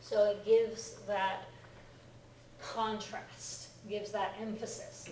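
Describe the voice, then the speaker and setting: A woman teaching a Japanese lesson who talks in an animated way, acting out example lines and laughing often. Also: medium pitch, slow pace. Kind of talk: lively one-on-one lesson. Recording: echoey room, far from the mic, faint noise.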